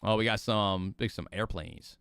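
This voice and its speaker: A man's voice: fairly low pitch, moderate pace, a bit bright, clear, resonant tone, no room sound, studio quality. A young man streaming, chatting casually and rambling with his viewers, laughing often. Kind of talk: casual livestream chat.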